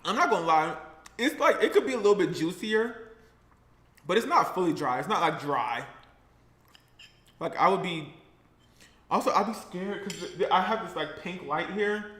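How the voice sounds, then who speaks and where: A man with a high, bright voice chats in a sassy, playful way. He talks casually to his viewers in an eating vlog. The room around him sounds echoey. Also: expressive, moderate pace, long pauses. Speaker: vlogger.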